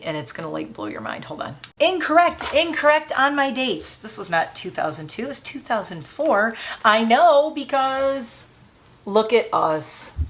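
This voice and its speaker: Packing her puppy's travel bag, a woman vlogs in a chatty, openly emotional way, adding warm, sentimental asides. Her voice sits at a medium pitch.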